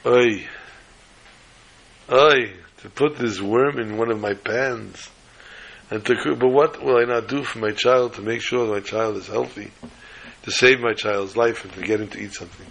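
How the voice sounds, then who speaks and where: A man giving a lively sermon as a Torah teacher, telling a story with chuckles and quoting Hebrew sources. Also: on the low side, normal speed, creaky, poor audio.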